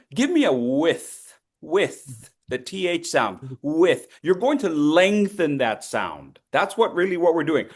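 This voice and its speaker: A man coaching speakers in an online voice workshop, upbeat and leading repeat-after-me drills. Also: on the high side. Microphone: video call.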